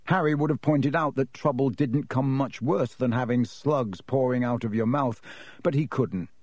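A man narrating a children's novel as an audiobook reader, telling the story in a lively way. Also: mid-range voice, normal speed, dry recording, muffled recording. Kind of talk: scripted narration.

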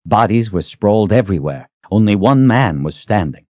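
Low, lively male audiobook narrator. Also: moderate pace, no echo. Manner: expressive storytelling. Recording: dull, dry lo-fi recording.

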